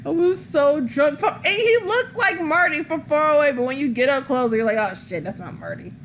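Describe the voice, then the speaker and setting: A woman's voice: high-pitched, lively intonation, a little fast, a little hiss or hum. A woman hosting a podcast, telling rambling stories in casual chat, swearing freely and laughing often. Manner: rambling, profane storytelling. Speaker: wrestling podcast host.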